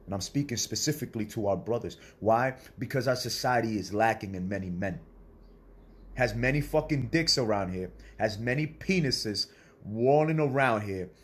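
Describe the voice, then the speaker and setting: A man's voice: lowish voice, lively intonation, moderate pace, husky. A man delivering a blunt, profane motivational sermon, preaching in a confrontational way to other men and swearing freely. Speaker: self-styled spiritual speaker.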